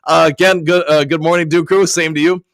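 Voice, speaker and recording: Hoarse guy with a cold reading chat on a sports stream, laid back, dry sound. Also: fairly high pitch, little pitch movement, normal speed, fairly bright tone, no room sound. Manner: casual, reads viewer comments aloud and answers each. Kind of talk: live-stream sports talk.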